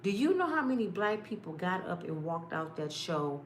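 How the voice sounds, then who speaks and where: A woman's voice: lowish voice, big pitch swings, moderate pace, a little hiss or hum. Middle-aged woman vlogger, impassioned storyteller, home room with echo. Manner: impassioned, swings from quiet and tired to loud and exasperated. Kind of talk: casual storytelling vlog. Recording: echoey room.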